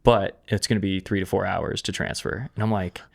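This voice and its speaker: A young man, a photographer guest on a podcast, telling a travel story in a casual, animated way with lots of filler words. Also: deep voice, brisk, gravelly. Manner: animated, lots of "like" fillers, acts out quoted voices.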